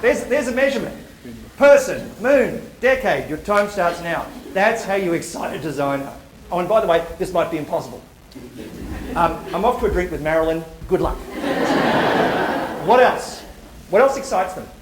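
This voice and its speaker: A man's voice: high-pitched, animated, normal speed, background noise. A man giving a live university talk, playful and joking, firing off rhetorical questions at the audience. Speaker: public speaker. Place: university lecture hall. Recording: roomy hall echo.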